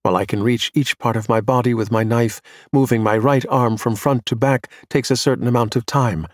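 A man's voice: mid-range voice, dry recording. Man narrating an audiobook, dry. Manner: measured, even storytelling.

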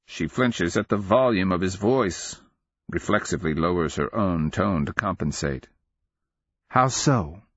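A man narrating a dark fantasy novel in a measured, expressive storytelling manner. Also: sits low, breathy edge, no room sound. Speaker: audiobook narrator. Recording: dull, dry lo-fi recording.

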